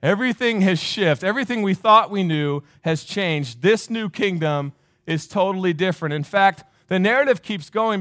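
A pastor with a high-sitting, fairly bright male voice preaches to his church, chatting casually and telling stories directly to the congregation. The recording is studio quality with no room sound.

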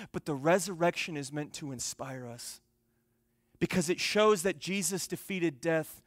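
A young man delivers a sermon in a fairly high voice, recorded close and dry with little room sound. He tells stories and swings from soft, hushed passages to loud, emphatic calls. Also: no room sound. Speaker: pastor.

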